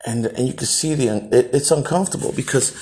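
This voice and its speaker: A man's voice: medium pitch, brisk, darkish tone, slight background noise. A man from El Salvador hosting a podcast, telling a personal story bluntly and with profanity, often restarting his sentences. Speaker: podcast host.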